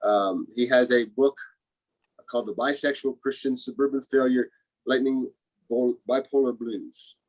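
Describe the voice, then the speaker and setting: A man hosting a comedy show, introducing the next comedian in a halting way and asking for applause. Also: medium pitch, steady tone, poor audio. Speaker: host.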